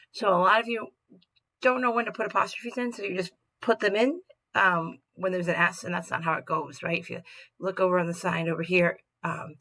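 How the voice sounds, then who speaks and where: A woman's voice: fairly low pitch, fairly bright tone, rough recording. Upbeat woman teaching grammar. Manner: upbeat, tags statements with "right?"; acts out example sentences expressively. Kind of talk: recorded grammar lesson.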